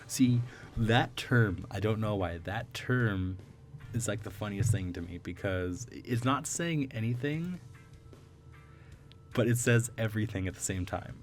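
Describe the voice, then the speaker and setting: A man's voice: fairly low pitch, lively intonation, unhurried, faint music behind. A young man reading a visual novel aloud, breaking off for chatty, laughing asides full of ums. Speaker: gaming video creator.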